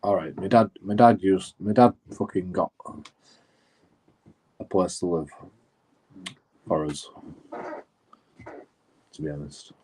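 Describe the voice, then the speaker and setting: Low-voiced sweary man. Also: takes it slowly, pauses often, background noise. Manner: rambling, sweary, lots of "you know" and restarts. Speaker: streamer. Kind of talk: casual storytelling.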